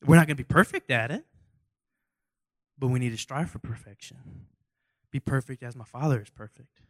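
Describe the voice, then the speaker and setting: Goofy young preacher with a drawl. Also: male voice, mid-range voice, normal speed, no room sound, clean studio sound. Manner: goofy, self-mocking, rambling with asides; rhetorical questions to the audience. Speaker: youth preacher. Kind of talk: casual joking sermon.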